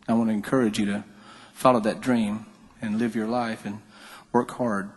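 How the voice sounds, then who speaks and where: A man's voice: lowish voice, flat delivery, moderate pace, husky. A man from North Carolina, telling jokey stories on stage between songs at a concert. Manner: folksy, joking storyteller. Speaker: musician on stage. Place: concert venue. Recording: live hall reverb.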